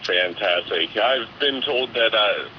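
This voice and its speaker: A man calling a radio show, with a nasal, monotone voice. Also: sits low, moderate pace. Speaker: caller. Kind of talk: phone-in call. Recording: dull phone line with faint hiss.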